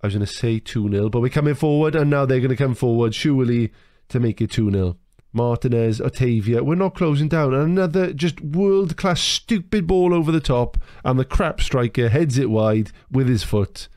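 A young man giving excited live commentary over a football management game, swearing and shouting at his players as the match unfolds. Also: mid-range voice, moderate pace, dry recording, clean studio sound. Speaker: gaming YouTuber.

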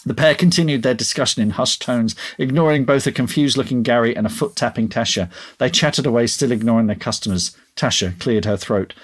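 Man narrating at a steady mid pitch. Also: fairly quick, breathy edge. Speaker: podcast co-host and story reader. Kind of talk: audiobook-style narration.

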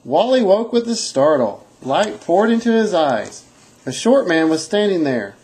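Amateur storyteller, woman, lower voice, very expressive delivery. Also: measured pace, rough recording. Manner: playful, animated reading.

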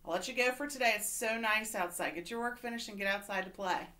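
A woman's voice: medium pitch, fast talker, bright, forceful tone. A woman teacher giving a remote reading lesson to children, patient and encouraging, often checking in with "okay?".

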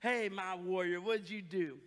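A playful wife teases her soldier husband, as a preacher puts her on. The voice is bright and pointed. It echoes through a big reverberant hall. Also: high voice, unhurried, pitched below the performer's own voice. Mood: teasing. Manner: playful, teasing. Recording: long church hall reverb.

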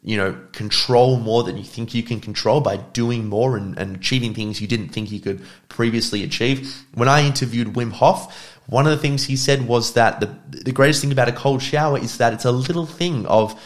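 A man's voice: mid-range voice, moderate pace. A man giving reflective commentary on podcast clips, thinking aloud with fillers. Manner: reflective, talks it through with fillers. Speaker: podcast reviewer.

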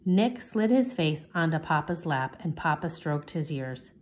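A woman reads a chapter book aloud in a gentle storytime manner. Her voice sits on the lower side, and she lifts it brightly whenever a child speaks in the story. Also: lively intonation, unhurried, few pauses. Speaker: teacher reading aloud.

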